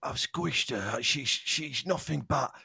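A man in an improv comedy show playing a crude, gruff actor who plays a lonely cheese sculptor, in a coarse, mumbled voice. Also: fairly high pitch, expressive, normal speed, a bit bright, full character voice. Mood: mournful. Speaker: improv player.

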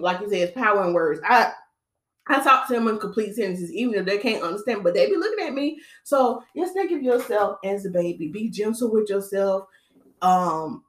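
A woman hosting a podcast, giving a casual motivational talk in an animated storytelling way and calling her listeners "y'all". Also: on the low side, echoey room. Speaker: podcast host.

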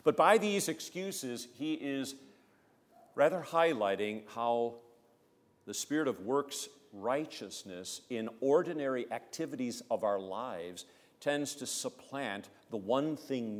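A man preaching a sermon as pastor, emphatic, swelling loud on key phrases and dropping low between them. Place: church sanctuary. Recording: long church reverb.

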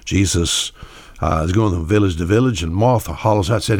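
Low-voiced man preaching a folksy sermon. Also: brisk, darkish tone, no echo. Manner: folksy storytelling, acts out quoted voices.

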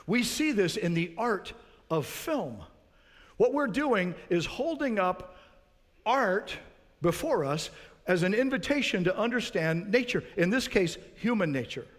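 High-voiced preaching pastor, man. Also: big pitch swings, measured pace, long reverb tail. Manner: earnest, preacherly, with rhetorical questions to the congregation. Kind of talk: sermon.

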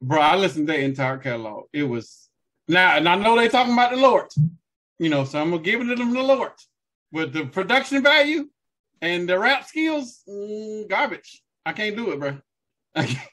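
A man's voice: high-pitched, big pitch swings, moderate pace, fairly bright tone. A man co-hosting a casual music review podcast, slangy and laughing often as he talks. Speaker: podcast co-host.

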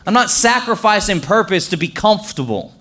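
Young male pastor, slightly high voice, loose chatty preaching with lots of "like". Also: big pitch swings, a little fast, pushed and bright. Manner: conversational, many fillers, acts out quotes. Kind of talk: casual sermon.

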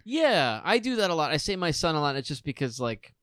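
Animated New man in his forties. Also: fairly high pitch, fairly quick, no echo, clean studio sound. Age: 40s. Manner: animated storytelling, swears casually. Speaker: podcast co-host. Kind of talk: casual chat.

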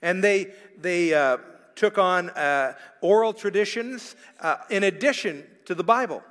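A man's voice: high voice, lively intonation, a little slow, fairly bright tone, long reverb tail. A male pastor giving a sermon in a conversational, joking way with frequent fillers and restarts. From Canada. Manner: conversational preaching with asides and jokes to the congregation. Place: church hall.

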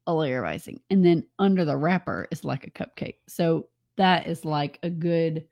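A woman's voice: sits low, normal speed, a little mellow. A woman chatting casually on a co-hosted show, teasing and laughing easily. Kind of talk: casual chat.

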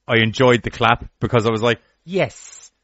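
A man's voice: medium pitch, level tone, fast talker, a bit bright, no echo. Casting: male podcast co-host, sarcastic teasing banter, dry close sound, dull lo-fi mic. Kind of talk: casual movie review chat.

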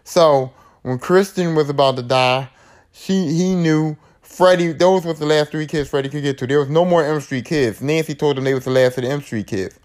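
A man hosting his own podcast, retelling horror movies in a loose, rambling way full of slang and profanity. His speaking voice sits a little higher than most men's. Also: moderate pace, darkish tone. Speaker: podcast host. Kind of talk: casual movie recap.

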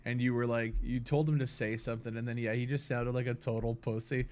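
A man's voice: mid-range voice, flat delivery, a little fast, a little mellow, clear, resonant tone. A man in a laid-back casual chat about a game, agreeing often, laughing and swearing.

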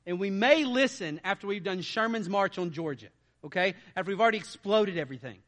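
A man preaches to his congregation in a lively, animated way. His voice sits high for a man and rings bright and forceful. He keeps turning to his listeners with rhetorical questions. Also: fairly quick. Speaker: pastor. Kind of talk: sermon.

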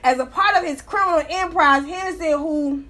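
A woman reads a news article and riffs on it in a loose, profane commentary. Her voice sits high, and she talks in an animated, sassy way, often breaking into laughter. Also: fairly quick. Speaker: commentator reacting to a news story. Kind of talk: casual commentary reading and reacting to an article.

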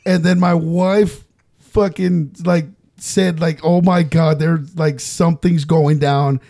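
A man's voice: fairly high pitch, takes it slowly, creaky. A man co-hosting a podcast, telling stories in a casual chat and swearing freely. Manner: swears freely, animated storyteller. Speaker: podcast co-host.

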